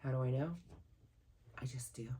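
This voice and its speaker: A tarot reader giving a monthly reading to camera, earnest and encouraging, who speaks aloud to spirit guides and breaks into sudden excited, louder bursts. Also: normal speed, a little hiss or hum. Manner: animated, sudden jumps in pitch and loudness, laughs at the cards.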